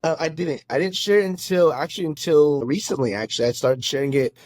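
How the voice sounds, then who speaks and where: A pastor telling his own faith story in a podcast conversation, earnest and halting, often restarting his sentences. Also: a little high, a little mellow, dry recording. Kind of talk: casual testimony in a conversation.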